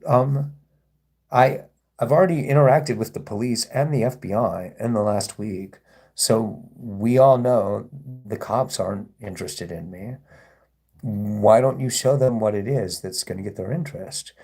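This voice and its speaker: Gravelly sarcastic man livestreaming. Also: fairly low pitch, measured pace, a little mellow. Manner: rambling, sarcastic, reading chat aloud. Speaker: livestream host. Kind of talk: casual livestream chat.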